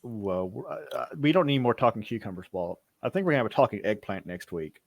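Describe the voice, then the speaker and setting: A man's voice: fairly low pitch, animated, a little fast, gravelly, no echo. Stammering man running a tabletop game. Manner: stammering, repeats words while narrating. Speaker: game master.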